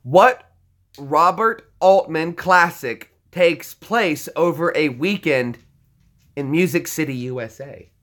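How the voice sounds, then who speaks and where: A man's voice: on the high side, slow, fairly bright tone. A man hosting a casual live-stream trivia game, teasing players and laughing often as he reads their answers. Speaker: trivia host.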